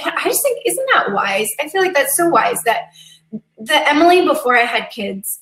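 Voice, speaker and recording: A woman's voice: high voice, very animated, normal speed, a bit bright. A woman in her thirties hosting a casual live-stream chat, earnest and chatty, laughing easily and getting teary. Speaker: host of a live coffee chat. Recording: echoey room.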